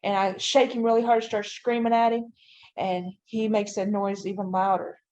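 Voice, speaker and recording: A woman's voice: mid-range voice, little pitch movement, moderate pace, darkish tone. A woman guest on a podcast, giving a detailed personal account and often using "you know" and "I'm like". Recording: dull, lo-fi audio.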